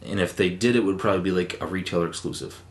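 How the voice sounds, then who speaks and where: A man with a fairly low voice trades crude jokes and swear words in loose podcast banter. The room echoes around him. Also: rapid-fire. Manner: crude, joking, swears often. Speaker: podcast co-host. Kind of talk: casual banter among friends.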